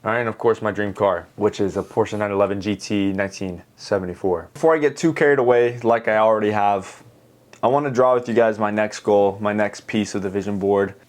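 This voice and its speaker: A man's voice: on the low side, fairly quick. A young man, an art teacher, telling a heartfelt personal story straight to his viewers while he draws. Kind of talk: earnest storytelling while drawing.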